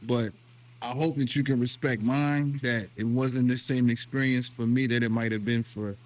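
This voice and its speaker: A middle-aged man from the United States talks through personal stories in a casual chat. His pitch sits in an ordinary middle range. He speaks earnestly and with feeling, often restarting his sentences. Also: steady tone, moderate pace. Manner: earnest storytelling, emotional, with repeated restarts. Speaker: vlog host. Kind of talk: casual conversation.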